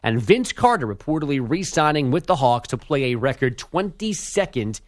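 A man's voice: on the high side, sing-song, moderate pace, no room sound. A man hosting sports radio, reading a sports news update with dry, teasing remarks.

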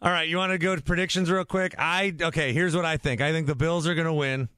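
A sports radio host with a fairly high, animated voice who jumps in on callers. He sounds close and dry in a studio booth. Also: quick pace, clear, resonant tone, dry recording. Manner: animated, talks over callers. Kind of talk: call-in sports talk.

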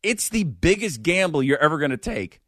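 Guy hosting a comedy podcast, bright lively voice, sarcastic riffs. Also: a little high, normal speed, dry recording, studio quality. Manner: sardonic, animated storytelling. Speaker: podcast host.

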